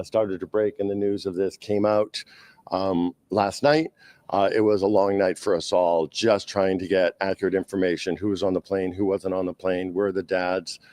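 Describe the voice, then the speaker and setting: Man, Boston accent, club spokesman, press conference answers, lowish voice, dry sound. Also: darkish tone, no room sound. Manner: halting, frequent "uh" and "um".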